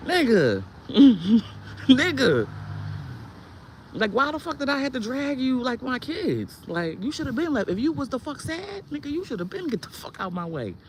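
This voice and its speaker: Woman venting hard on her vlog, cussing a lot, voice swinging all over, fairly high. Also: sing-song, brisk, few pauses, a little hiss or hum. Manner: heated, profane, blunt. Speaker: herbal products seller and content creator. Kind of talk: ranting vlog.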